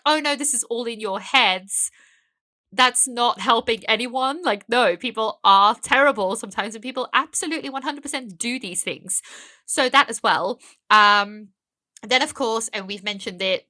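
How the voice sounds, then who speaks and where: Bright-voiced earnest woman, podcast guest. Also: mid-range voice. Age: young adult. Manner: earnest and emphatic, many fillers and restarts. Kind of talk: casual conversational interview.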